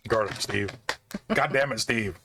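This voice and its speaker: A man playing in a tabletop game, making slow, offhand remarks. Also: on the low side. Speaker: player. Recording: loud background noise.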